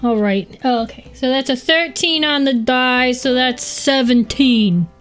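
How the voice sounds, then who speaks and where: A woman's voice: high-pitched, measured pace, faint music behind. A woman playing a character in a tabletop game, talking in a playful, joking way. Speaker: player. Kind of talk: tabletop game role-play.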